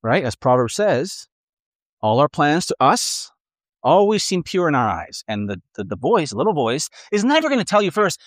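A middle-aged man preaching a sermon in a conversational, animated way, acting out inner voices. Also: on the high side, normal speed, no room sound, clean studio sound. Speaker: pastor.

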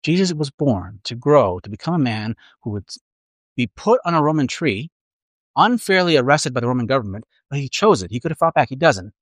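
A man's voice: mid-range voice, very animated, brisk, no room sound. A man preaching a sermon as pastor, earnest and reflective, speaking to a congregation in a church room.

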